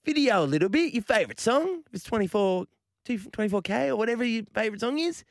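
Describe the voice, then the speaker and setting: A man co-hosting a radio show, ranting in an animated, joking manner. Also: very high-pitched, quick pace, vocal fry, no echo, studio quality. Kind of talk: casual sports radio chat.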